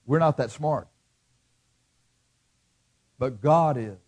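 In a mid-range voice, drawing out his words, a middle-aged pastor delivers a sermon that moves between booming bursts and hushed asides. He also voices the people listening to him.

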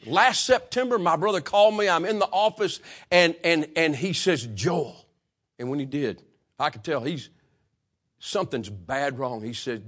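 A man preaching a sermon, swinging from loud, passionate peaks to hushed, quiet stretches. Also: on the high side, expressive, normal speed. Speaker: pastor.

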